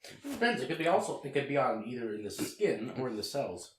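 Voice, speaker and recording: A man's voice: mid-range voice, very animated, fast talker. A man co-hosting a casual podcast chat, hesitant and searching for words, laughing often. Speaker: podcast co-host. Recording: echoey room with faint noise.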